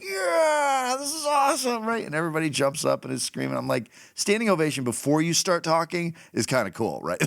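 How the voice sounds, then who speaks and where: A middle-aged man hosting a podcast, telling a story in a casual, animated way and laughing as he goes. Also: on the low side, no echo, clean studio sound. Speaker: podcast host.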